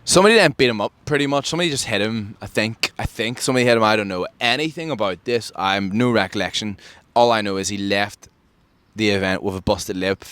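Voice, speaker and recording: A man from Ireland tells a story on his podcast in a casual, animated way. He acts out what others said with sudden jumps in pitch. His voice sits fairly low, and the recording is close and dry with no room sound. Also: fast, clean tone, no room sound. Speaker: podcast host.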